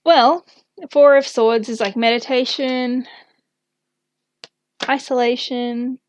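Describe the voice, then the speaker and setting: A woman's voice: a little high, fairly even intonation, slow pace, no room sound. A young woman giving a casual tarot reading, thinking aloud with lots of fillers and small laughs. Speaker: tarot reader.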